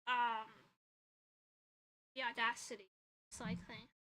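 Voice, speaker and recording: Tired and with a stuffy nose, this vtuber streamer and illustrator rambles in casual chat from her room at home, giggling and swearing along the way. The rough recording catches a slightly high, bright, forceful voice with little pitch movement and a slightly slow pace.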